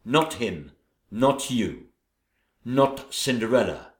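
A man voicing a stern woman visitor who speaks in a grave, measured way. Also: medium pitch, animated, reverberant.

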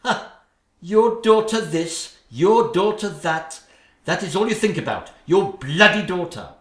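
A shrill, bossy stepmother queen, as a man puts her on, middle-aged and quick to snap. Her voice swings widely up and down as she scolds. The sound carries a roomy echo. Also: sing-song, a bit bright. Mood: furious.

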